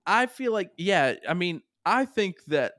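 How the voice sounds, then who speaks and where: A man's voice: sits high, measured pace, no echo, clean studio sound. A young man with a Southern US accent, hosting a casual podcast chat and telling stories with frequent laughter. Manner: animated storyteller, laughs often. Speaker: podcast host.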